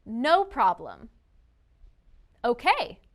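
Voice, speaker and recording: A woman's voice: a little high, very animated. Woman explaining grammar, voice bounces up and down a lot, stresses example phrases. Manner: clear, slow, emphatic delivery of example phrases. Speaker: grammar teacher. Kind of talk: scripted lesson narration.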